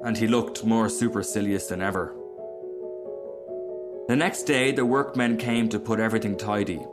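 A man reading a fairy tale aloud as narrator, in a measured, expressive storytelling manner. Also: lowish voice, over music.

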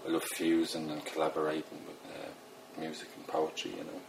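Very deep-voiced Dublin man rambling. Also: monotone, moderate pace, creaky, background noise. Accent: Dublin Irish. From Ireland. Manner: rambling, self-deprecating, many fillers. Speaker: poet. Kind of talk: casual interview talk.

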